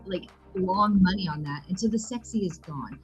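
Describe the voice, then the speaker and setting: A woman's voice: lowish voice, moderate pace, soft background music. A woman co-hosting a casual podcast chat, enthusiastic and opinionated. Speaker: podcast co-host.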